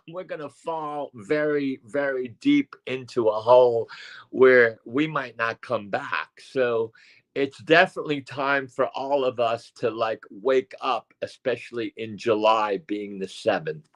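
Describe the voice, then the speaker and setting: Older male guest, slow and rambling, lots of restarts. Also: medium pitch, a bit bright. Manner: rambling, halting, many fillers and restarts. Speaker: psychic medium co-host. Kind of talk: casual chat. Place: at home.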